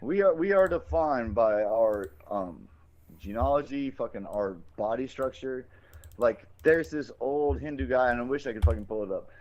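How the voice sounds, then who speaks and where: A man's voice: medium pitch, normal speed. A man co-hosting a podcast, rambling loosely from topic to topic and swearing freely. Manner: rambling, profane and animated. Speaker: podcast co-host. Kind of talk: casual podcast chat. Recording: dull lo-fi recording.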